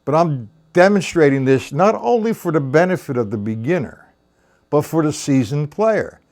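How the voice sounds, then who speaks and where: A man's voice: fairly high pitch, animated, moderate pace, a little mellow. A man teaching a live-streamed drum lesson. He counts rhythms aloud, calls out stickings and talks to viewers by name. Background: drum kit.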